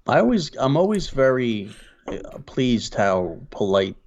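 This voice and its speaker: Casting: gravelly low man, wry podcast banter, faint hum behind. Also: sing-song, slow pace, darkish tone, highs cut off. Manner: wry, joking, mimics callers. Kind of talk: casual chat.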